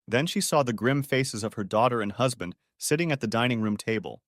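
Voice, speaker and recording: A male narrator reading a dramatic story with lively, rising and falling pitch. The sound is dry and close, with no room. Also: fairly quick, no room sound.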